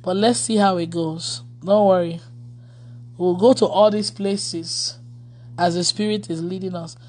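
A woman's voice: on the low side, fairly even intonation, a little slow, a little mellow. A woman pastor in casual livestream chat with her followers. She laughs often and reads their comments aloud.

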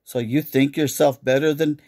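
A man's voice: medium pitch, steady tone, moderate pace, dark tone, lightly acted. A man voicing a cruel aging tyrant king who taunts and roars at his captive. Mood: taunting, raging. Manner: taunting, roaring outbursts.

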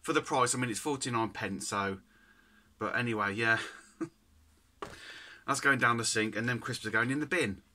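A man's voice: medium pitch, normal speed, long pauses, bright, forceful tone. A man, chatting casually to camera as a food reviewer, giggly and rambling with lots of "anyway". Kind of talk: casual chat.

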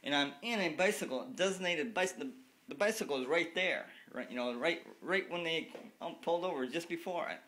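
A man's voice: fairly high pitch, animated, fairly quick, a bit bright. A man in his late fifties ranting to a phone camera, angry and repetitive, swearing freely. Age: 50s. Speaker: cyclist vlogger. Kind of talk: casual rant to camera.

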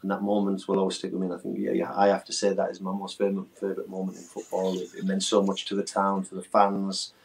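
A man's voice: low voice, completely flat delivery, quick pace, vocal fry, hardly any pauses, a little mellow, rough recording. A middle-aged man, a former footballer telling earnest, emotional stories in a casual interview. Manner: earnest, emotional, rambling storytelling.

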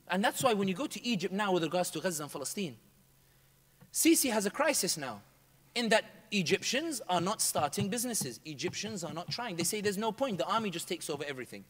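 A man telling a story to a room in a fast, emphatic way, slipping Arabic phrases into his speech. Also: high-pitched, big pitch swings, fairly bright tone, in a large hall. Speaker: public speaker. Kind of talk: animated storytelling talk.

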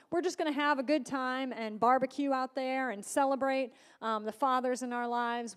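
A woman pastor runs through the church announcements in a chatty, informal way, dotted with fillers. Her voice sits somewhat high. The sound carries the long reverb of a church hall.

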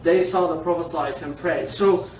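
High-voiced man teaching in an echoey room. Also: rapid-fire. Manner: animated, digressive, laughs often. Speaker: teacher of Islamic law. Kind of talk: informal classroom lecture. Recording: echoey room, distant mic, faint hiss.

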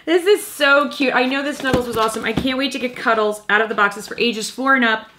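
A woman's voice: a little high, brisk, background noise. A woman in her thirties hosting a casual toy review vlog, chatty and playful, cooing at a toy kitten.

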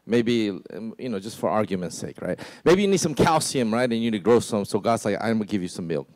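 A pastor preaching a sermon in a conversational way, often asking "right?" and dropping into a lower voice to act out quotes. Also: male voice, expressive, fairly quick, a little mellow, dry recording. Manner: conversational, many "right?" asides and restarts.

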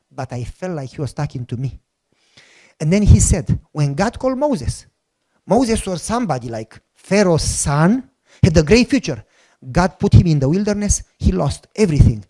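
A man preaching a personal testimony in a language that is not his first. He acts out prayers with strong emotion in a slightly high voice. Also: darkish tone. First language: not English. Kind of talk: sermon testimony storytelling.

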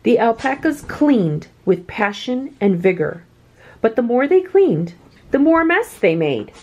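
A woman reading a children's picture book aloud with expressive, swooping delivery. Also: fairly high pitch, takes it slowly, highs cut off. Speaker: children's story reader.

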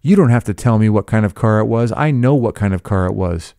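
A man voicing a grief-stricken garage owner who insists loudly that he knows the car. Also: on the low side, animated, fairly quick, creaky, clear, resonant tone, no echo, clean studio sound. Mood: distraught. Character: grieving, distraught male garage owner.

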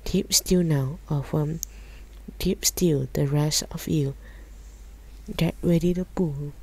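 A woman reading the lines of a brave young boy who gives urgent, hushed commands. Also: low-pitched, steady tone, takes it slowly, husky, full character voice, low-quality recording.

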